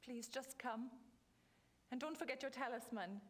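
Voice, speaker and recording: An anxious housekeeper in a video game, urging someone along in a very high voice. She is insistent and hurried in manner. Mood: urgent. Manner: urgent, insistent. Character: anxious German housekeeper woman, urgent.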